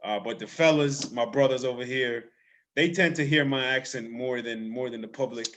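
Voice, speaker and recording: A man hosting a casual sports talk show, talking in an energetic, loose way with frequent restarts and an island lilt under his broadcast voice. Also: mid-range voice, normal speed, a little hiss or hum. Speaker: podcast host.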